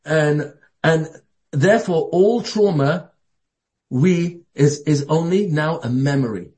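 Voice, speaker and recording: A man with a high voice preaches a sermon. He talks with a lot of energy, stumbles and restarts often, and shifts between calm and excited passages. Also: slow pace. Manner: animated, acts out quoted voices, frequent restarts. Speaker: Torah teacher.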